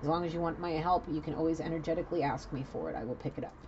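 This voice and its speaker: A woman's voice: sits low, rapid-fire, darkish tone, dull audio, slight background noise. A woman giving a rambling, blunt psychic reading in a casual, chatty way. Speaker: psychic tarot reader.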